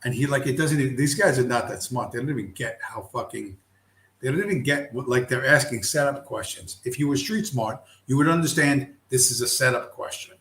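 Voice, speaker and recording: A man's voice: medium pitch, fairly quick, a bit bright. Blunt, profane middle-aged man streaming. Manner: blunt, heavily profane, heated. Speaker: livestream host. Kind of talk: profane casual rant. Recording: roomy echo.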